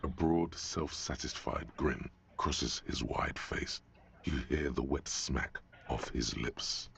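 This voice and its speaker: A man narrating a video game as a grave, measured inner voice. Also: very deep voice, gravelly, fairly bright tone, exaggerated voice. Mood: ominous. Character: ominous inner-voice male narrator, older and gravelly. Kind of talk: scripted narration.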